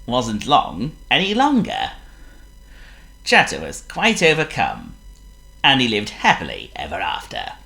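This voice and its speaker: A woman reading a children's story aloud, playful and expressive. Her voice is unusually deep for a woman yet bright. She reads slowly with huge swings in pitch. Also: creaky.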